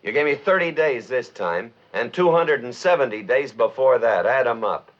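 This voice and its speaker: A man's voice: medium pitch, animated, normal speed, muffled recording, natural voice. An actor playing a stubborn, sarcastic male desert guide, talking bluntly on a 1950s film soundtrack. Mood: gruff.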